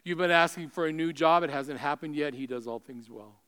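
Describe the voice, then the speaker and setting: Pastor, male, high resonant voice, impassioned sermon delivery with quiet appeals, long hall reverb. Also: brisk, clear, resonant tone. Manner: impassioned, swelling then dropping to soft appeals. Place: church sanctuary.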